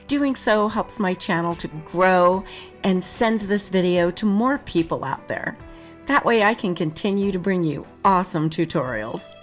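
Hoarse woman hosting a craft tutorial. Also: on the low side, lively intonation, a little slow, lo-fi sound, faint music behind. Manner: friendly, step-by-step instructional. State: hoarse from a lingering cold. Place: home, filming in Las Vegas.

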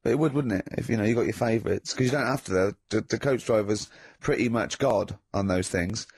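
A man's voice: lowish voice, fairly quick, breathy edge, no echo. A man adding wry comments and rambling musings in a casual chat.

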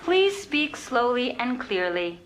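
An actress voicing a polite automated elevator that repeats scripted prompts calmly. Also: female voice, fairly high pitch, takes it slowly, heavily acted. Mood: polite, robotic. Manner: calm, scripted, repetitive prompts. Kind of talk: TV sketch acting. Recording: sitcom audio with audience laughter and noise.

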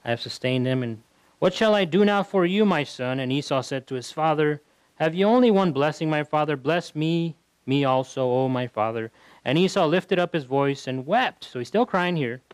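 Male pastor, fairly high voice, chatty Bible teaching, stumbles and repeats words, dry close sound. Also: no echo, poor audio. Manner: conversational, repeats words while thinking.

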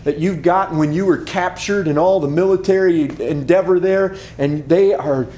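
A male pastor preaching a sermon and telling a vivid story, swinging from loud to hushed. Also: high voice, moderate pace, reverberant. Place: church sanctuary.

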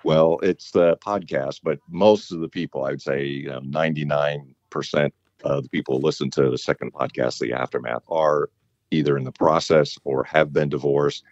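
Male podcast guest, relaxed and wry; very low voice, muffled dry line. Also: normal speed, no room sound. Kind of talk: casual chat.

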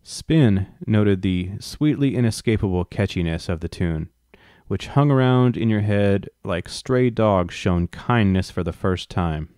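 A man's voice: fairly low pitch, animated, unhurried, dark tone, smooth, no echo, clean studio sound. A man reading a book aloud and breaking off into wry, profane asides. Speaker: reader and commentator.

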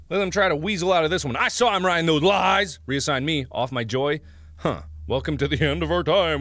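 Jokey man doing gameplay commentary, lively swings in pitch. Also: a little fast, no room sound. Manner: animated, jokey, laughs often. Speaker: let's-play host.

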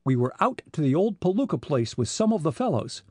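Guy doing a earnest teen boy, higher voice, bouncy. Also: sing-song, a little fast, warm tone, slightly rough, no echo, studio quality. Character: earnest teenage boy detective, level-headed older brother.

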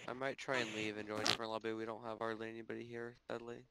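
A man making quick, practical remarks in an online game voice chat. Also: on the low side, completely flat delivery, crowd noise, poor audio. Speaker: gamer in voice chat. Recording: voice chat with clear background hiss.

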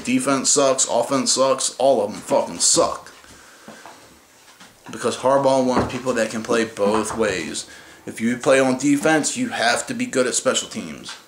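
A man's voice: mid-range voice, a bit bright. Man ranting, profane, echoey room. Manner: profane, heated, mocking. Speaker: sports fan ranting. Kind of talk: angry rant vlog. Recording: echoey room with faint noise.

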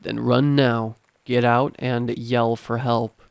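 A man's voice: medium pitch, flat delivery, moderate pace, no room sound, close to an everyday voice. A man doing an urgent emergency phone operator.

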